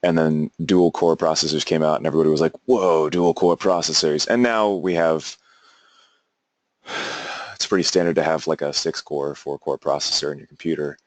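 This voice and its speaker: A man's voice: very deep voice, normal speed, no room sound. A young man teaching a class, talking loosely with lots of fillers and restarts. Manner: rambling, many fillers and restarts. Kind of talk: classroom lecture.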